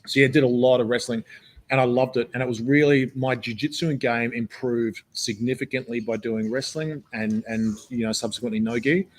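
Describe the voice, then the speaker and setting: A man's voice: medium pitch, fairly even intonation, fairly quick, slight background noise. A man talking casually as a jiu-jitsu coach on a live stream, rambling with many fillers and restarts.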